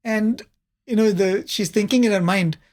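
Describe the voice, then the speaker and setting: A man, a panelist telling a spiritual story in a conversational way, often pausing with fillers and soft laughs. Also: sits high.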